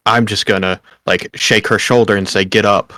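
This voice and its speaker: A man's voice: on the low side, steady tone, normal speed, pushed and bright, dry recording. A man playing a tabletop game, dry and matter-of-fact. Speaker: player. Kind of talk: casual tabletop play.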